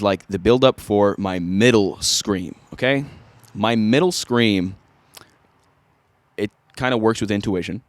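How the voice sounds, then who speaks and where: A man with a fairly low voice talks through a vocal lesson in a relaxed, casual way. The sound is dry and close, with no room echo. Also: a little slow. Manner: casual, easygoing instruction. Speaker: vocal coach. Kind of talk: singing tutorial.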